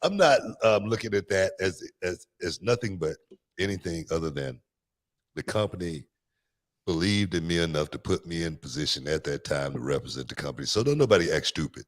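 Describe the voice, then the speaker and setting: A man's voice: low-pitched, expressive, brisk. A man hosting a podcast in casual chat, talking emphatically and self-assuredly and repeating phrases for stress. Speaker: podcast host.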